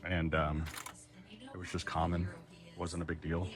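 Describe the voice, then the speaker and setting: A man's voice: low voice, little pitch movement, unhurried, soft background music. A middle-aged man from Texas talking candidly and with plenty of swearing in a casual vlog as he walks around. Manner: candid and profane, talks while walking. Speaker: vlogger. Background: a dog barking.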